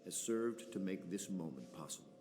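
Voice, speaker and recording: An actor playing a solemn conspirator leader giving a grave, measured briefing in a video game. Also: male voice, sits low, lively intonation, crowd noise. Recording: game audio with noise.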